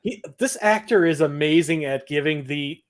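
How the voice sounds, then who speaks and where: A man co-hosting a podcast, chatting loosely through an episode recap and breaking into laughter between points. His voice sits a little higher than most men's. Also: moderate pace. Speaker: podcast co-host. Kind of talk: casual chat recapping a TV episode.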